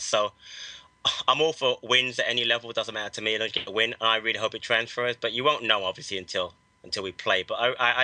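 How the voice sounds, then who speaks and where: A man with a New York accent chatting casually as a podcast co-host, quick and upbeat. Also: on the low side, bright, forceful tone, no room sound, low-quality recording. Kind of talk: casual football podcast chat.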